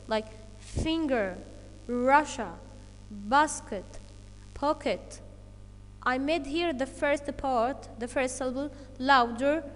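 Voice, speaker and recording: A woman teaches English to children in a high, slow voice. She explains each point carefully and checks in with "okay" along the way. Her voice carries a long reverb. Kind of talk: online English lesson for children.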